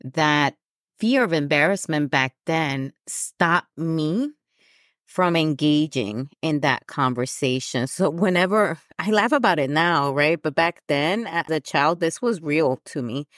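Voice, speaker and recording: A woman's voice: deep voice, animated, takes it slowly, a bit bright, dry recording, clean studio sound. A woman hosting a personal podcast, talking candidly with frequent fillers and an occasional self-conscious laugh. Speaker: podcast host. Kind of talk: personal reflective podcast talk.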